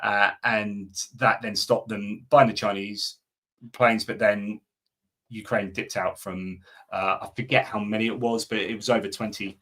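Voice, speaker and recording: A middle-aged man hosts a live stream in a loose, rambling way, full of fillers and restarts. His voice sits a little low, and he reads out and answers viewer comments as casual chat. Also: level tone, a little slow, pushed and bright.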